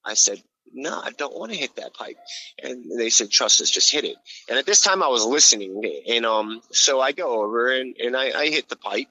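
A man's voice: medium pitch, expressive, brisk, hardly any pauses, sharp tone, no echo, muffled recording. A man telling his story on a podcast in a casual, blunt way, swearing a lot and restarting his sentences. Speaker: podcast guest.

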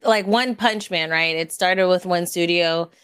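A woman's voice: lowish voice, measured pace, smooth, no echo. Woman host, casual and chatty, dry close recording. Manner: chatty, relaxed, laughs easily. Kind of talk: casual chat.

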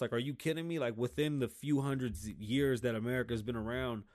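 A man hosting a podcast, ranting in a profane, heated solo monologue, often mocking people in loud voices. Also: medium pitch, fairly even intonation, brisk, hardly any pauses, no echo, clean studio sound. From United States. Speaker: podcast host.

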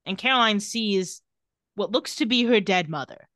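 A young woman recaps a TV episode with a sarcastic, deadpan play-by-play. Her voice is bright and crisp. The sound is dry and close, with no room echo. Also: mid-range voice, normal speed. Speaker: podcast co-host recapping a TV episode. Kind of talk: casual recap chat.

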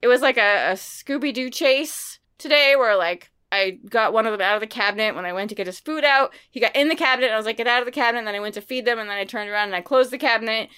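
A woman's voice: a little high, quick pace, hardly any pauses, smooth. A woman in her forties co-hosting a podcast, chatting casually and playfully, often putting on silly voices when she tells a story. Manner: animated, playful, slips into silly voices for stories. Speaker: podcast co-host. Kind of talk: casual chat about books and daily life.

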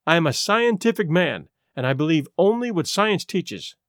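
A blunt doctor, played by a man in an audiobook, folksy and dismissive. His voice is lower than the reader's own and dry. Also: very animated, normal speed, fairly bright tone, dry recording. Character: blunt middle-aged male American doctor. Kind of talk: audiobook character voice.

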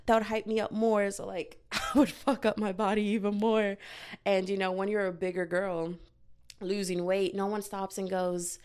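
A young woman vlogs candidly into her own microphone in a casual, confessional style, rambling, saying "like" constantly, and breaking into self-mocking outbursts. Her voice is mid-range, steady, and a little mellow, at a moderate pace.

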